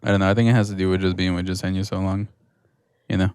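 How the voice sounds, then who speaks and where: Low-voiced swearing man on a podcast. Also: flat delivery, racing, darkish tone, smooth, dry recording, studio quality. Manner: swears a lot, acts out what people say. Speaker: podcast co-host. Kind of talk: casual chat.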